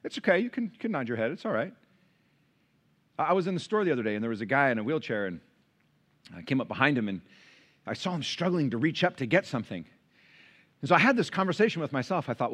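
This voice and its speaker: Quick but broken by long pauses, this medium-pitched male voice belongs to a pastor preaching in a church sanctuary. He animates his stories by acting out each quoted person's voice, speaking into a pulpit microphone.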